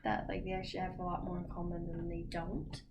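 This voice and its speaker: A woman's voice: fairly low pitch, monotone, fast. A tired young woman co-hosting a casual late-night book discussion. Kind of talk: casual chat. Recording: faint background noise.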